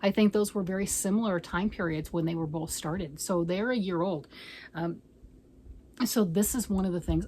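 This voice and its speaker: A woman's voice: on the low side, moderate pace, darkish tone, a little hiss or hum, poor audio. A middle-aged woman hosting her crochet channel, chatting casually to camera in a rambling, self-mocking way.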